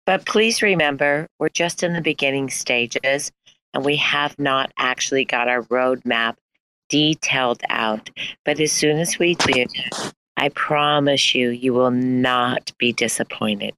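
A man playing a smooth-talking marketing officer who spins every answer into polished corporate promises. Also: mid-range voice, unhurried, sharp tone, low-quality recording. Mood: slick. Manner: slick, polished corporate spin. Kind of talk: improvised comedy role-play in a live audio chat.

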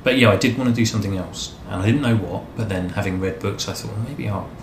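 Fast-talking man in an echoey room. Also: lowish voice. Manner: rambling, self-deprecating storytelling. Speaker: interviewee. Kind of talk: casual interview chat. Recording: echoey room, faint background noise.

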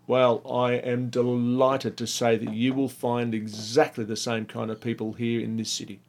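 A man voicing a gentle old wise man in a spoken parable. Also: mid-range voice, level tone, normal speed, natural voice. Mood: calm.

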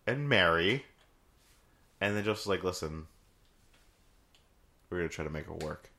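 A male podcast co-host chats casually about a video game in a low, animated voice with vocal fry and a bright, forceful tone at normal speed. He swears and acts out lines in silly voices.

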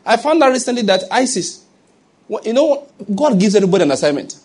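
Man, pastor, sermon, husky, higher voice. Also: big pitch swings, fast, a little mellow. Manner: conversational preaching, humorous asides, rising to emphatic.

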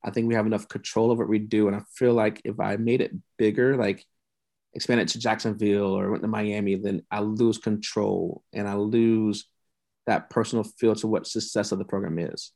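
A man's voice: on the low side, little pitch movement, normal speed, vocal fry, dark tone. A man telling his story as a guest on a podcast interview, earnest and heartfelt, repeating himself for weight. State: emotional, near tears at times. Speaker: youth mentoring program founder.

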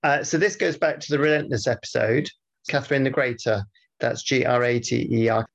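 A man's voice: medium pitch, steady tone, brisk, creaky. A man co-hosting a podcast in casual chat, reading out listener feedback and rambling with many fillers and restarts. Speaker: podcast co-host.

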